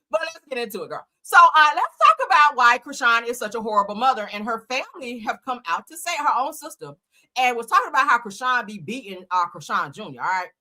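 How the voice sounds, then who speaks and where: Woman host, casual gossip commentary, bright and very lively delivery, profane. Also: fairly high pitch. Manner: animated and profane, laughing often, reads posts aloud.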